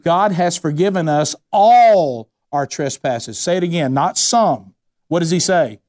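A pastor with a fairly high voice preaches at a moderate pace, folksy and conversational. He says y'all, tells anecdotes, and asks the congregation questions for them to answer back.

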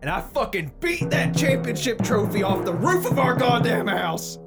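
A man playing a rage-prone husband obsessed with football, telling his story in a swearing, matter-of-fact deadpan. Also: very high-pitched, normal speed, over loud music, exaggerated voice. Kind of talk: deadpan comedic monologue.

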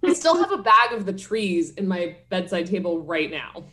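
A woman's voice: fairly low pitch, big pitch swings, normal speed, a bit bright. Wry chatty lady cohost, casual podcast banter. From Pennsylvania, US. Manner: chatty, wry, self-deprecating. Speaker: podcast co-host. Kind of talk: casual chat.

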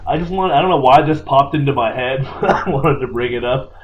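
A man's voice: mid-range voice, fairly quick. Brief: man, mid voice, laid-back rambling podcast co-host, dull sound, faint hiss. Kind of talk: casual chat.

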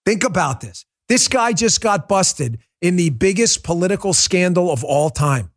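Middle-aged male talk host, high-pitched, forceful ranting monologue style. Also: expressive, normal speed. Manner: forceful, ranting, emphatic repetition. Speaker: political talk show host. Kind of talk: heated political monologue.

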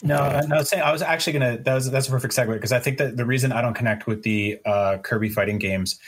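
Dude chatting easy about games, mid voice, thinking out loud. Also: male voice, medium pitch, fairly even intonation, quick pace, breathy edge. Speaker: podcast co-host. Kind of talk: casual chat.

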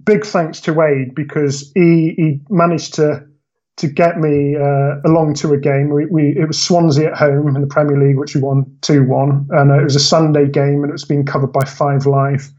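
A man telling a story on a podcast, his voice sitting a little higher than most. He rambles and restarts as he goes, in an easy, chatty way. The audio is dull and lo-fi. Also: flat delivery, normal speed, a little mellow. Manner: rambling, self-correcting storyteller. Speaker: podcast guest. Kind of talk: casual storytelling chat.

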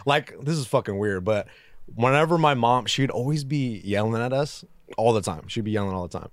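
A man's voice: mid-range voice, animated, a little fast, dry recording. A man in his thirties, a podcast guest in casual chat, laid-back, slangy, swearing freely.

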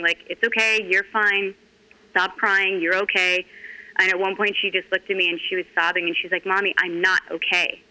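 A middle-aged woman talking candidly in an interview, earnest and halting with frequent restarts. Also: on the low side, bright, forceful tone, low-quality recording. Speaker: guest.

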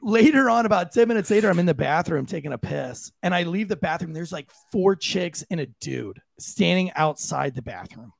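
A man co-hosting a podcast, telling a story in a casual, animated way and jumping into high voices for the people he quotes. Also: normal speed, vocal fry, hardly any pauses, dry recording. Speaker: podcast co-host.

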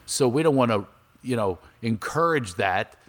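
A man's voice: medium pitch, normal speed. A man, a comedian from Philadelphia, chatting casually in an interview and acting out anecdotes. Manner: animated storyteller, acts out voices in anecdotes. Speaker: comedian guest. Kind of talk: casual interview chat with storytelling.

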